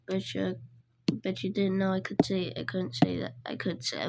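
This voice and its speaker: A woman's voice: mid-range voice, monotone, normal speed, gravelly, background noise. A woman animator giving casual commentary while working, muttering to herself and counting in a half-whisper.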